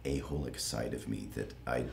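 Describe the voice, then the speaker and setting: A man's voice: normal speed, gravelly. A man in a casual interview, talking about his voice acting work, playful and laughing often. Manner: playful, laughs often, lively swings in pitch. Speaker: voice actor guest. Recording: echoey room with faint ambient noise.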